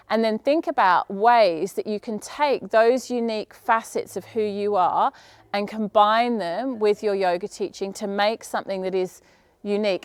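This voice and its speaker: Chatty woman giving a smooth, dry talk. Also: medium pitch, no room sound. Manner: chatty, lively, asks rhetorical questions, says "right?" often. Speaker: business coach for yoga teachers. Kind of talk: live conference talk. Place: conference room.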